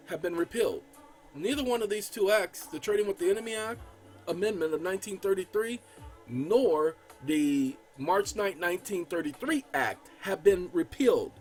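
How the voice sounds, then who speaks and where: A man with a high voice lectures his viewers in a casual, emphatic way, repeating himself and stumbling over words. He reads legal text aloud with heavy stress, and soft music plays faintly underneath. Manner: emphatic, repetitive, stammers and restarts; addresses viewers as y'all. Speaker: channel host. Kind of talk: casual explainer while editing a document.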